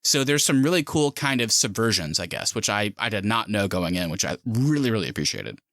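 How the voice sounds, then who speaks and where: Animated man in a lively podcast chat. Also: lowish voice, no room sound, studio quality. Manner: animated, quick asides and voiced reactions. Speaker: podcast co-host. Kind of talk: casual movie discussion.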